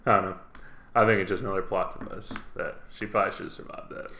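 A man co-hosts a laid-back chat and rambles through his ideas. His voice sits low but sounds bright. The room around him is echoey. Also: fast. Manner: relaxed, rambling theory talk. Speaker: podcast co-host. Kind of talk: casual chat.

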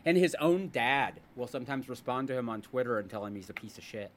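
A man's voice: medium pitch, fast talker. A man hosting a casual podcast, telling stories and ranting with jokes. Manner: animated, ranting, jokey storyteller. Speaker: podcast host. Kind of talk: casual chat.

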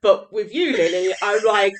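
A woman's voice: mid-range voice, normal speed. English woman, podcast co-host, easy mid-range voice, dry teasing humour. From England. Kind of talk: casual chat.

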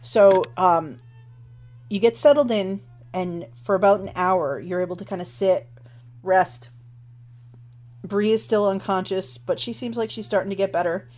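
A woman's voice: medium pitch, darkish tone. A woman running a tabletop game as game master, narrating at an easy pace with many fillers. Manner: unhurried, with many fillers like um and kinda.

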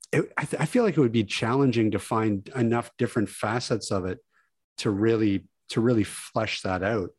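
A man's voice: on the low side, a little fast, no room sound. A man co-hosting a podcast, chatting casually and rambling with restarts over a remote call. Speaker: podcast co-host. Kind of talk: casual chat.

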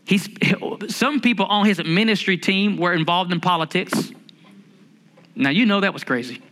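Male pastor, high bright voice, humorous lively sermon delivery. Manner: lively, humorous preaching with drawn-out emphasis.

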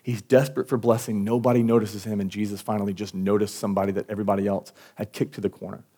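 A man, a pastor, preaching a conversational sermon and telling stories that grow louder and higher as he gets emotional. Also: flat delivery, quick pace.

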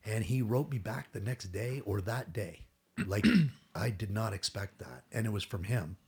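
Middle-aged guy, husky and gravelly, rambles through a story, swears casually. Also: lowish voice, normal speed, a little mellow. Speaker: guest. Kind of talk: casual storytelling in a podcast interview.

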